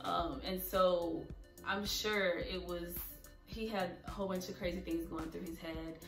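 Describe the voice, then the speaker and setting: A woman's voice: on the low side, fairly even intonation, measured pace. A young woman speaking earnestly and openly emotional in a personal vlog. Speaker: vlogger. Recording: echoey room, a bit far from mic, soft music.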